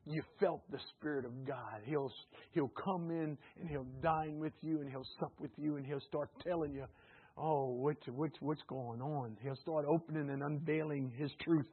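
A man preaching a sermon. He swings from soft asides to loud, shouted climaxes, with chuckles along the way. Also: a little high, steady tone, moderate pace, breathy edge. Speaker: pastor. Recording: tinny phone-like sound.

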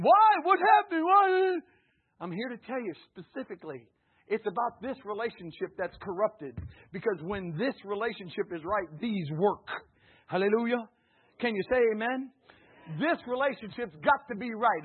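This slightly hoarse preacher is expressive and moves at a moderate pace, building to shouts, dropping low, and leading his congregation in repeating after him. It sounds like it was captured over a phone.

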